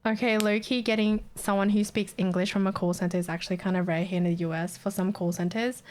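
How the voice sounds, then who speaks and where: A woman's voice: mid-range voice, fairly even intonation, fast talker, darkish tone, a little hiss or hum. Blunt, sweary Australian woman streamer. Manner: blunt, sweary, laughs often. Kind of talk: casual chat with viewers.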